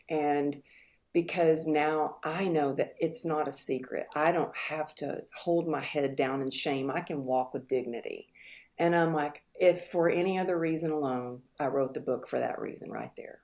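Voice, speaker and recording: Middle-aged woman guest, low register, earnest and reflective, halting now and then. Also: darkish tone. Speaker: podcast guest. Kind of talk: candid interview storytelling.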